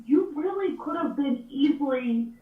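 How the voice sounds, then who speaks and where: A woman with a high voice, still getting over a cold, talks bluntly in casual podcast chat. The sound is muffled and roomy, with her set back from the mic. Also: expressive, measured pace, distant mic. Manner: blunt, exasperated.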